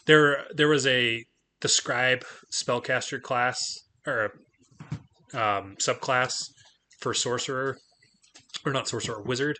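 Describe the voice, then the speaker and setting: A man's voice: medium pitch, steady tone, takes it slowly, pauses often, sharp tone, slight background noise. A man acting as game master, chatting loosely with lots of "like" fillers, then narrating the scene for his players. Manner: loose, filler-heavy talk with frequent laughs. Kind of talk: casual chat and game narration.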